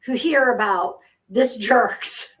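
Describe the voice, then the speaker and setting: A woman in her fifties, co-hosting a casual chat and telling a story in an animated way, laughing often. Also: fairly high pitch, slow. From United States. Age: 50s. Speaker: co-host.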